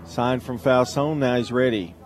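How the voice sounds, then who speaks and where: Guy calling baseball play-by-play, jokey, tells stories between pitches, noisy outdoor sound. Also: moderate pace. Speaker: play-by-play announcer. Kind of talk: radio baseball commentary.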